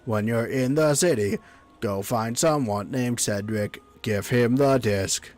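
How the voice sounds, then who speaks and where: A man voicing a calm game entity giving directions, in a slow, solemn, lower voice. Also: soft background music, close to an everyday voice.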